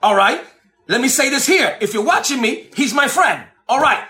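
High-voiced, bright preaching man. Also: faint music behind. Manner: preaching, swinging between shouts and slow drawn-out low phrases; animated, emphatic, repeats lines for effect. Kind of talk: sermon.

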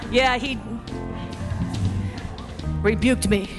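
A woman preaching a sermon, telling stories in a chatty way and slowing into drawn-out, emphatic prayer. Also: high-pitched, lively intonation, crowd noise. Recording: music playing behind the voice.

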